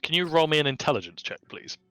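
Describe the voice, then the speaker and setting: A man's voice: a little high, lively intonation, fast, loud music behind the voice. A man running a tabletop game as game master, narrating in a wry, offhand way with frequent fillers.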